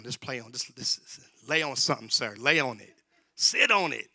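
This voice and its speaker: A man preaching a sermon in a church, talking in a loose, colloquial way and swinging between shouts and whispers. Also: mid-range voice, very animated, normal speed, no echo, clean studio sound. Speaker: pastor. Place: church sanctuary.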